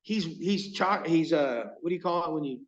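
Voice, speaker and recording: A man's voice: a little high, moderate pace, far from the mic, lo-fi sound. A man who makes fishing lures, telling stories in a casual chat and acting out the quoted exchanges. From California. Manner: animated, acts out quoted exchanges. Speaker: lure maker, podcast guest.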